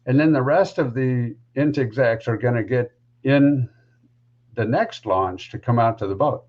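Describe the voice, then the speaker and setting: A man's voice: medium pitch, unhurried, muffled recording. A man who is a podcast guest, telling a story casually and rambling with lots of asides.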